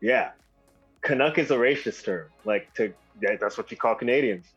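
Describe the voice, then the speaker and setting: A laid-back man chatting with a buddy, crude and easygoing. His voice is husky and a bit dull, as if the recording were muffled, and faint music sits behind it. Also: mid-range voice, normal speed, a bit bright. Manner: laid-back, profane storytelling. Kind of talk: casual chat.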